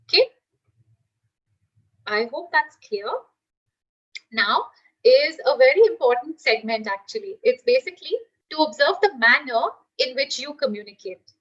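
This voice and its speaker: A woman's voice: high-pitched, lively intonation, measured pace, long pauses, fairly bright tone, slightly rough, dull audio. A woman teacher giving a live online class, explaining with everyday examples and asking the class questions.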